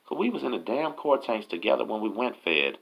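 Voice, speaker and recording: A man's voice: on the low side, sing-song, a little fast, creaky, breathy edge. A man casually telling a story, profane and full of streetwise slang. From Galveston, Texas. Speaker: host telling prison stories. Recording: dull lo-fi audio.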